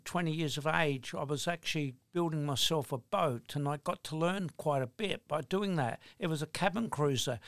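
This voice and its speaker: An older man answers interview questions deliberately and firmly, slowing down on some words. His voice sits a little high for a man. The recording is dry and close to the mic. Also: bright, forceful tone, no echo. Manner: deliberate, firm, slow in places. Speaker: guest, engineering business owner.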